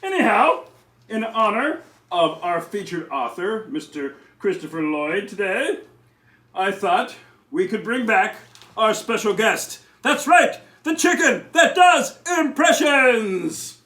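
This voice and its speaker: Cedric the Dragon, a man doing a high bouncy dragon puppet. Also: big pitch swings, slow pace, pushed and bright, recorded from a distance, full character voice. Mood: excited. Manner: bouncy, theatrical, exclaiming. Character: cheerful chatty male dragon puppet. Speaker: puppet character on a children's show. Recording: roomy echo.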